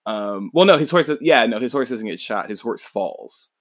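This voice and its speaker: A man's voice: lowish voice, animated, normal speed, no room sound. A man hosting a podcast, casually recapping a manga in a rambling, laid-back way, swearing and laughing along. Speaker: podcast host.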